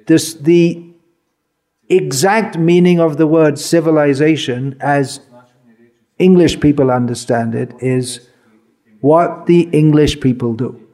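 A man's voice: fairly high pitch, dark tone. A man giving an informal talk as a spiritual teacher, conversational and wry, using everyday examples. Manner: slow, conversational, wry humor, illustrative examples. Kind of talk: informal lecture to an audience.

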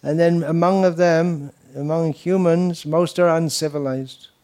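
A man's voice: on the high side, fairly even intonation, unhurried, warm tone. A man giving a devotional lecture to an audience, talking loosely with anecdotes and mocking asides. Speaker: spiritual teacher.

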